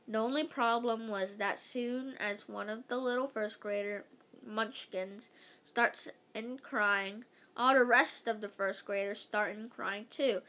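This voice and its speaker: A woman reading a children's chapter book aloud, lively, with occasional slips and restarts. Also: a little high, a little slow. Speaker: read-aloud host.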